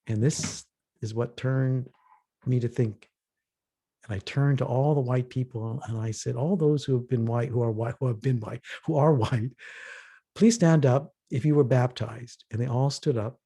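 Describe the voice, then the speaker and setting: Speaking in a husky, warm, mid-range voice at a normal pace, the male facilitator of a reflective workshop tells earnest stories and imitates the people he quotes.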